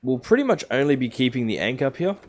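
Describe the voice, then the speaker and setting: A man's voice: medium pitch, sing-song, quick pace. A man streaming a survival game live, casually explaining each step to his viewers. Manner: chatty, explains steps to viewers.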